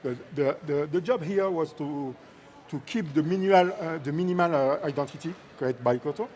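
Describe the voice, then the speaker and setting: A man's voice: on the high side, normal speed, a little mellow, faint music behind. A middle-aged man from France with a French accent, a motion art director talking on stage, hesitant and searching for English words. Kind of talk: casual on-stage chat. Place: live festival stage.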